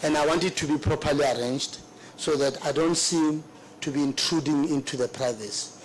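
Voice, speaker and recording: Man, middle-aged, formal testimony, halting, remorseful, somewhat high-pitched. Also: slight background noise, low-quality recording. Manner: earnest, remorseful, halting with repetitions. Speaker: witness at a public hearing.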